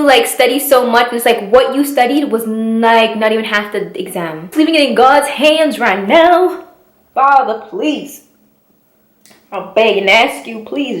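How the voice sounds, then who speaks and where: A young woman talking casually to her vlog viewers, telling a story in a dramatic, fast way. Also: on the high side, a bit bright, reverberant. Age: young adult. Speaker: vlogger.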